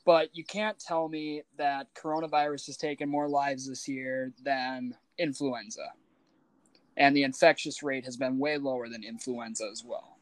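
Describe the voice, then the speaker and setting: A man's voice: medium pitch, steady tone, moderate pace, dry recording. A man co-hosting a casual podcast chat, blunt and opinionated. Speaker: podcast co-host.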